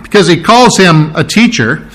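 A man with a fairly high voice teaching from scripture in a sermon. He speaks thoughtfully, often restarting and correcting himself mid-sentence, and clears his throat now and then. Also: animated, takes it slowly, a bit bright. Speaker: pastor. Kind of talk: verse-by-verse Bible teaching sermon.

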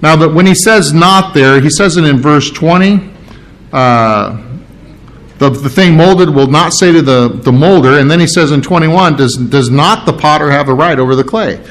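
A man's voice: a little high, normal speed, fairly bright tone. A middle-aged man preaching a verse-by-verse sermon, conversational with restarts and asides, pressing hard on repeated phrases. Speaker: pastor. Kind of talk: sermon, verse-by-verse Bible teaching.

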